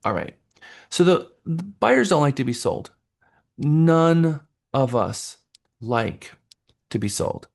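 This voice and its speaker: A man teaching a real estate sales class in an animated lecture style. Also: fairly high pitch, takes it slowly, vocal fry, long pauses. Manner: lively, acts out buyers' voices.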